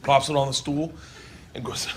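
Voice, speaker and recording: A man doing stand-up storytelling, loud and excitable, laughing through his story and shouting the punchlines. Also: mid-range voice, normal speed, a little hiss or hum. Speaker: stand-up comedian. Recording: live stage recording with loud audience laughter. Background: loud crowd laughter.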